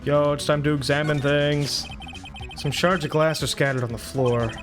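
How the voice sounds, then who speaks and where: A man's voice: a little high, steady tone, moderate pace. A man live-streaming a video game, reading the dialogue and narration aloud in his own voice. He adds blunt, crude remarks between lines, with game music playing under him. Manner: reads game text aloud with crude asides. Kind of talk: live gameplay reading and commentary.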